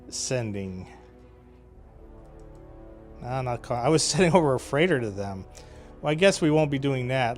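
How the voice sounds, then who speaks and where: A man playing his own strategy game and giving casual commentary as he thinks aloud, wry and chatty with frequent hesitations and short laughs. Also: medium pitch.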